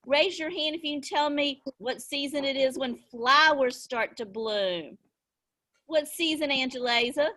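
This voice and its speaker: A middle-aged woman teaching young children over a video call, slow and sing-song, encouraging them with little gasps of delight. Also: sits high, sharp tone. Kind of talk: online class lesson for young children.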